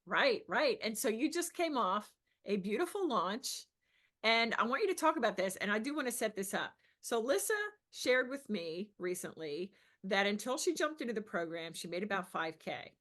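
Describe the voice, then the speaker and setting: A woman with a mid-pitched voice hosts the interview. She asks questions and affirms her guest with enthusiasm. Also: sing-song, normal speed, a bit bright. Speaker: business coach, host.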